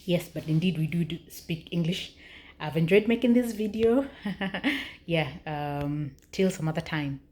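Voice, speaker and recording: A woman's voice: lowish voice, unhurried, darkish tone. A young Kenyan woman with a Kenyan accent, chatting casually in her vlog, laughing often and using lots of fillers. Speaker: vlogger.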